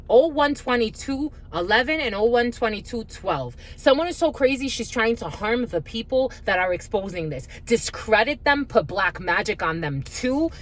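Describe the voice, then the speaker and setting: Woman tarot reader, blunt and profane, heated monologue, mid pitch, light background hiss. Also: a bit bright. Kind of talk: spiritual card reading, ranting.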